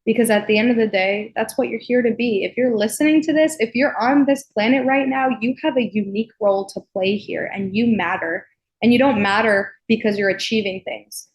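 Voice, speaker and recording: A young woman hosting her own podcast, talking earnestly and warmly to listeners, with frequent "like" fillers. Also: a little high, a little fast. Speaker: podcast host. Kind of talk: personal solo podcast.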